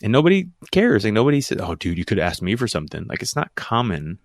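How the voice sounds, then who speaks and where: A deep, gravelly man hosts a casual podcast interview, upbeat and chatty. His voice sits dry and close, with no room around it. He often stumbles and restarts as he talks. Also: sing-song, fast, dry recording. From United States. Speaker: podcast host.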